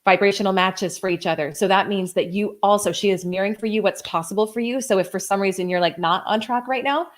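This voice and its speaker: A woman in her thirties hosts a live stream and talks straight to her viewers. She gushes over their comments with a lot of "like" and keeps celebrating them. Her pitch sits in a middle range for a woman. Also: fast, hardly any pauses. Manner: gushing, effusive, lots of "like". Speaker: host and coach. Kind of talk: live-stream coaching talk.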